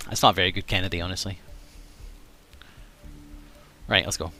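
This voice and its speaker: A man's voice: deep voice, steady tone, normal speed, long pauses, pushed and bright. A man with an English accent chatting casually on a live game stream, self-mocking and talkative.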